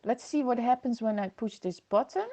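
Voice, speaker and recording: Woman host, high voice, chatty livestream talk into a computer mic, reads out viewer comments. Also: normal speed, mellow, muffled recording. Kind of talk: casual livestream chat. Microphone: computer microphone.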